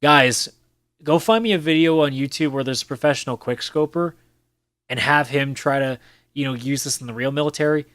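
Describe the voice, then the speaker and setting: A man with a mid-range, slightly bright voice talks a little fast, recorded with no echo through a camera mic on a desk. He hosts a casual solo podcast, speaking bluntly with plenty of swearing and sometimes mimicking other players in mocking voices.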